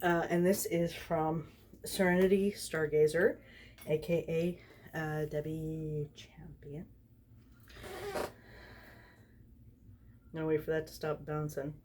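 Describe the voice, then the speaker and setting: A woman's voice: sits low, little pitch movement, takes it slowly, long pauses, darkish tone. A young woman, tipsy from wine, reading fanfiction aloud at home, rambling and giggling between lines. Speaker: fanfiction reader. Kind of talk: tipsy casual storytime reading.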